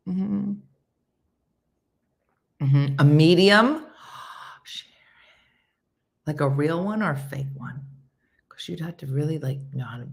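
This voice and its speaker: A woman hosting a casual live chat and reading viewer comments, playful and animated, slipping into silly high voices and hushed whispers. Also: slow pace, vocal fry, pauses often. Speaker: host.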